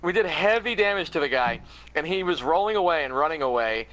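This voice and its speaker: Excitable man on a game stream. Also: fairly high pitch, a little fast, poor audio. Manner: excitable, laughs often. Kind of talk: casual gaming stream chat.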